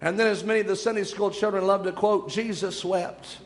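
A man preaching a fervent sermon, slowing into drawn-out emphasis when he reads scripture. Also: high voice, fairly even intonation, vocal fry, big-room sound.

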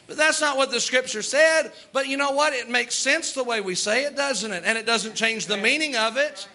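A man preaching a sermon as pastor, earnest, with quick asides and little laughs. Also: extremely high pitch, pushed and bright.

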